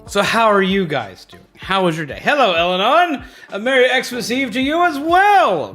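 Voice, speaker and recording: A man hosting a casual livestream, chatty and excitable, greeting viewers and repeating himself. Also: high-pitched, moderate pace, hardly any pauses. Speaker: livestream host. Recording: faint background music.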